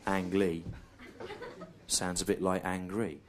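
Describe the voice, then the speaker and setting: Deep-voiced deadpan male stand-up comic. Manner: deadpan, digressive, deliberately repetitive. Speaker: stand-up comedian. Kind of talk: stand-up comedy routine. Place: comedy stage before a live audience. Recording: live recording with clear background noise.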